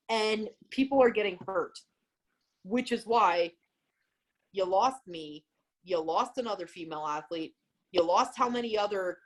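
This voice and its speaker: Frank woman in casual chat. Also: mid-range voice. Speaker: podcast co-host.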